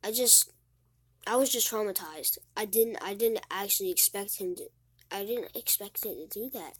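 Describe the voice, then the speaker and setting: A teenage girl talks straight to the camera in a halting, rambling way, stumbling over and repeating her words. She sounds sad and close to tears. Her voice sits at an ordinary pitch and is recorded close and dry, with no room sound. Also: slightly rough, no room sound. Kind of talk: casual vlog monologue.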